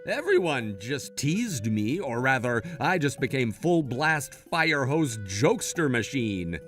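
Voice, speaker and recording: A man's voice: mid-range voice, sing-song, takes it slowly, a bit bright. A young man narrating a dramatic story in the first person and voicing its characters, earnest and pleading, over faint music.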